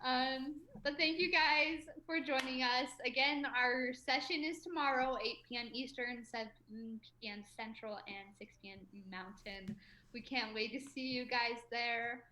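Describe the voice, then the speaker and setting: Bright woman host in an echoey room. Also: high voice, fairly even intonation, a little slow. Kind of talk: casual chat on a video call.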